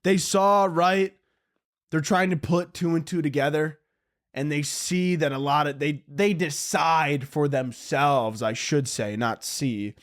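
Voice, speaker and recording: Rambling young man, slightly high voice. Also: steady tone, slow, a bit bright. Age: young adult. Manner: rambling, self-interrupting, laughing at own jokes. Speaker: podcast host. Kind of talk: solo podcast monologue.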